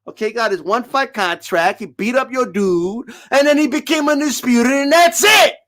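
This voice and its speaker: In an extremely high, slightly bright voice at moderate pace, a boxing commentator launches into ranting commentary. He's profane and sarcastic, interrupting his critics and mocking them with put-on voices.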